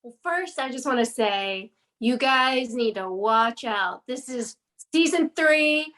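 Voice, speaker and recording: A woman from Korea chats as a podcast cohost, playful and quick to laugh. Her voice sits a little high for a woman. She is telling her story in relaxed conversation. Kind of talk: casual podcast chat.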